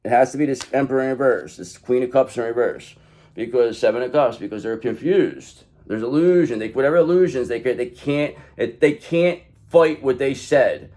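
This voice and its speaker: A man in a mid-pitched voice reads tarot cards in a loose, rambling way. He is blunt and swears freely, and he speaks emphatically, straight to his listener. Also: moderate pace, mellow. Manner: emphatic, talks straight to the viewer. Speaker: tarot reader. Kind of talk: casual tarot card reading.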